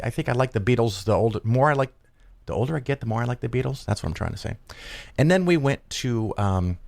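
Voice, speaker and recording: A man's voice: on the low side, vocal fry, no echo. A man hosting a show, chatting casually and rambling with lots of fillers and restarts. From Chicago area, United States. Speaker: podcast host. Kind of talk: casual chat.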